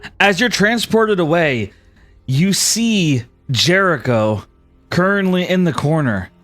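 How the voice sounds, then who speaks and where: A young man running a tabletop game as game master, narrating with lively, swooping intonation in a slightly raised voice. Faint music plays underneath. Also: sits high, slow, dry recording, studio quality. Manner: animated storytelling, chuckles.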